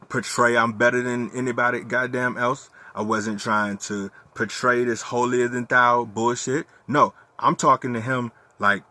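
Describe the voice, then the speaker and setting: A young man talking candidly in a personal monologue, profane and animated as he tells his story. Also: medium pitch. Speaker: vlogger.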